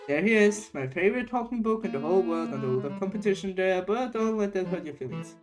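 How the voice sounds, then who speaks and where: A woman commenting as she plays a story game, excitable and squealing, laughing often. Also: medium pitch, quick pace, few pauses, faint music behind. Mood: playful. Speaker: gamer playing a story game. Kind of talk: let's play commentary.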